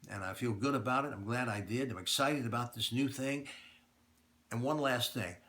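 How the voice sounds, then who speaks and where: This radio talk show host, a middle-aged man, has a medium-pitched, slightly bright voice and a moderate pace. He makes a direct, plainspoken announcement to listeners, repeating things for emphasis.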